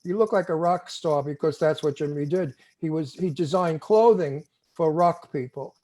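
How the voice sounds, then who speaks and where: An older man with a Brooklyn New York accent, telling lively stories in an interview and acting out his own quoted lines. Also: a little high. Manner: animated storyteller, acts out quotes. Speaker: TV show host, interviewee. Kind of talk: casual storytelling interview.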